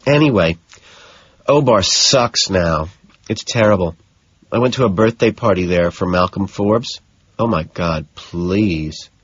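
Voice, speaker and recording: A man's voice: low-pitched, unhurried, slightly rough, no echo. A man voicing a bored, catty young socialite woman who drawls gossip and sarcasm in an audiobook. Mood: gossipy. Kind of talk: audiobook character voice. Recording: dull, dry lo-fi audio.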